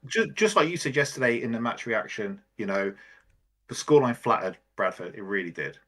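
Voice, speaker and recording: A man's voice: mid-range voice, expressive, fairly quick, pushed and bright. A man co-hosting a casual football fan podcast, blunt and opinionated, swearing casually. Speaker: podcast co-host.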